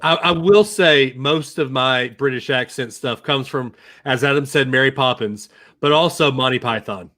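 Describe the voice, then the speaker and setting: Co-host, male, bright, forceful voice, chatty and quick to react. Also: mid-range voice. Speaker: podcast co-host. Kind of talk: casual chat.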